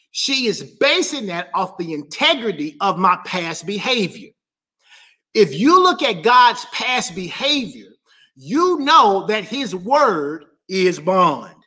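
A man preaching a sermon as pastor, emphatic and driven by repeated refrains, drawing key phrases out slowly. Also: sits high, bright, forceful tone.

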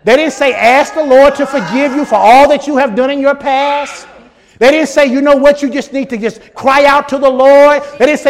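A man preaching a sermon, animated and building to shouts. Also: extremely high pitch, brisk. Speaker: pastor.

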